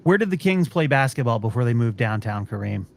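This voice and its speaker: A man's voice: medium pitch, expressive, a little fast, vocal fry. A man hosting a podcast, ranting in a profane, exasperated way during casual chat. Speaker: podcast host.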